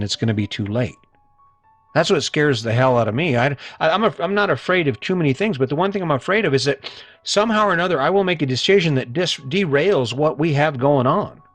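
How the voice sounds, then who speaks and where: A man's voice: a little high, animated, fairly quick, a bit bright, no room sound, soft background music. A middle-aged man hosting a solo motivational podcast, talking earnestly and emphatically and repeating points for emphasis. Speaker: podcast host.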